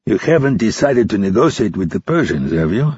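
A male narrator puts on a slurring older crime boss on a tape. He drawls slowly in a low, husky voice. The recording is dull and dry. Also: sing-song, darkish tone, no echo. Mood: menacing. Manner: slow, lazy drawl.

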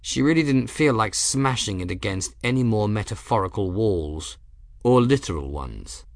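A man narrating an audiobook in a measured storytelling manner. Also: fairly low pitch, very animated, gravelly, dry recording, clean studio sound. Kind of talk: scripted narration.

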